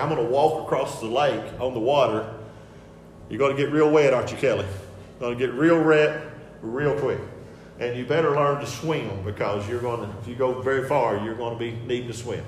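Emphatic preacher in an echoey hall. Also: male voice, mid-range voice, a little hiss or hum. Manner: emphatic, repeats key phrases, swings between soft asides and loud declarations. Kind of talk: sermon with picture slides. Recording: echoey hall with faint ambience.

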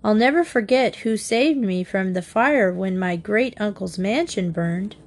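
A steady, responsible teenage boy, read by a woman. He speaks calmly and firmly. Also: mid-range voice, unhurried.

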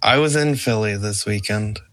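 A man chatting casually on a podcast, making wry, low-key jokes. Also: normal speed, fairly bright tone. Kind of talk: casual chat.

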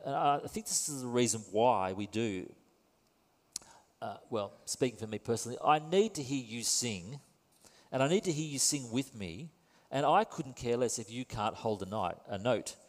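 A man's voice: medium pitch, expressive, normal speed. Wry conversational man preaching. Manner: conversational, wry, self-deprecating. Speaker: pastor. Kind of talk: sermon. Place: church. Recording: long reverb in a church hall.

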